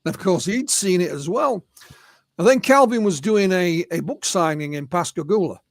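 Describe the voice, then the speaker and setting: High-voiced Englishman telling witness stories. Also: expressive, normal speed, creaky, no room sound, clean studio sound. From England. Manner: recounts witness accounts, peppered with "you know". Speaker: guest, UFO researcher and author. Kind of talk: anecdotal storytelling in an interview.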